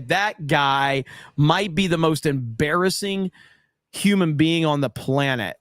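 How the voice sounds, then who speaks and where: Man, livestream chat reader, fairly high voice, blunt and profane, dry close recording. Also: takes it slowly, vocal fry, fairly bright tone, clean tone, dry recording. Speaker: streamer reading live chat. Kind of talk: casual livestream commentary.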